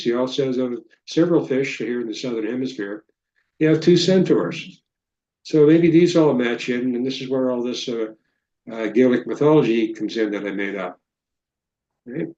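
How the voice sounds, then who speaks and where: A man's voice: mid-range voice, darkish tone, echoey room, muffled recording. A man presenting as a guest over a video call, rambling and joking as he walks through a slideshow. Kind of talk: casual slideshow talk.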